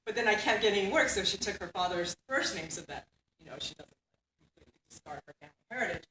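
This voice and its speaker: A woman's voice: mid-range voice, lively intonation, fast, bright, forceful tone, slight background noise. A woman giving a conference keynote lecture in a conversational way, often laughing and tagging her points with "right?". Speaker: keynote speaker. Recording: echoey hall from far off.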